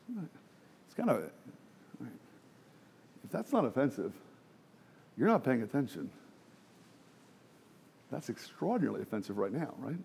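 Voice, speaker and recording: A man's voice: mid-range voice, big pitch swings, a little slow, gravelly, pauses often, a little mellow, slight background noise. A man preaching a sermon, emphatic and full of rhetorical questions, sometimes dropping to a near whisper.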